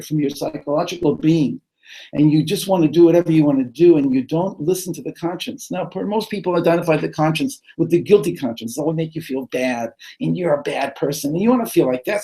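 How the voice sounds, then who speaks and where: A man leads a text study lesson in a study hall. His voice sits a little high for a man. He reads the source phrase by phrase and translates as he goes, often repeating and restarting words. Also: mellow. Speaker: rabbi teaching a text class.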